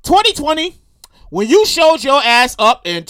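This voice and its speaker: A woman's voice: sits high, measured pace. A woman hosting her own show, ranting in casual commentary, swearing freely and acting out what people said. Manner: animated, profane, acts out quotes. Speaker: show host.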